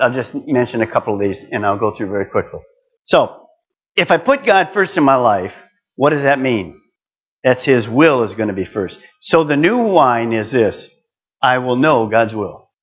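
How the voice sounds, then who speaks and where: A man's voice: mid-range voice, a bit bright, lo-fi sound. An older man preaching a sermon, earnest and building to emphatic exhortation.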